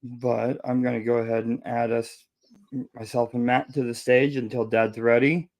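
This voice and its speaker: A man's voice: medium pitch, level tone, moderate pace, darkish tone. A man hosting a casual livestream, easygoing as he reads out viewer names. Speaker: stream host.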